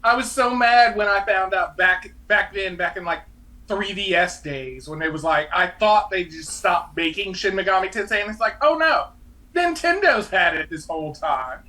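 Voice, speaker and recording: A man's voice: high-pitched, normal speed, pushed and bright, recorded from a distance. A man co-hosting a casual podcast, exasperated and swearing as he vents. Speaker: podcast co-host. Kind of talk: casual chat.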